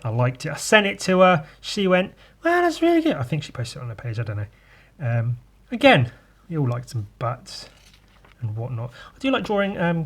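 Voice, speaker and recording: A man giving rambling, irreverent commentary on his own sketchbook, swearing freely and mocking himself. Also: medium pitch. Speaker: artist showing his sketchbook. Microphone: podcast mic.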